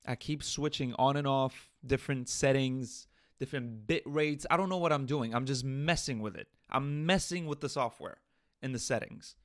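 Animated man venting on his podcast. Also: medium pitch, moderate pace, dry recording, clean studio sound. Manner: animated storytelling, swearing and venting. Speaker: podcast host. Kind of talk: casual solo podcast rant. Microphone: USB interface podcast mic.

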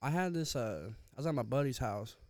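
A man's voice: medium pitch, animated, fairly quick, darkish tone, no echo. A young man telling a rambling, profane story in casual chat, slangy and loose. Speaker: podcast co-host.

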